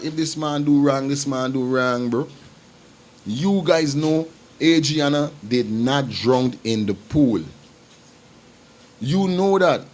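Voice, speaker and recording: A man hosts a casual livestream, talking straight to his viewers. His voice sits a little higher than most men's. He drives each point home by saying it again and again. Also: a little mellow. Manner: emphatic and repetitive, talks straight to viewers. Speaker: livestream host. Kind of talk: casual commentary.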